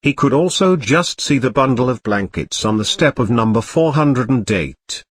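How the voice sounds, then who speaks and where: A man narrating a comic parody storybook in an even, plain reading. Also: medium pitch, moderate pace, husky, no echo.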